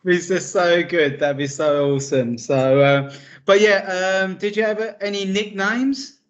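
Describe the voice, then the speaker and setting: An enthusiastic male interviewer fires off casual questions, laughs often and fills the gaps with "uh" and "like". His voice sits a little high. The audio is dull and lo-fi. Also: steady tone, unhurried. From United Kingdom. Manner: enthusiastic, laughs a lot, filler-heavy questions. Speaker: interviewer, host.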